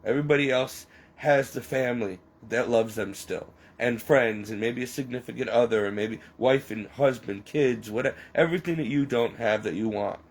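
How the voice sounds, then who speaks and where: A man rambling through an emotional personal confession, halting and near tears as he speaks. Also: medium pitch, low-quality recording.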